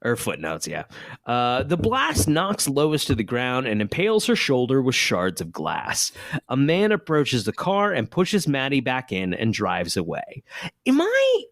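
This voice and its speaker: A man's voice: medium pitch, unhurried, vocal fry, dry recording, studio quality. A man co-hosting a podcast, recapping a TV episode in casual chat with a joking manner. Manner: lively, jokey, laughs often. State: hiccuping.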